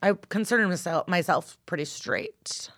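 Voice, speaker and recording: A woman's voice: fairly low pitch, lively intonation, moderate pace, a bit bright, dry recording, clean studio sound. A young woman answering interview questions, hesitant, with many fillers and frequent laughs. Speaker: guest. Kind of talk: casual interview chat.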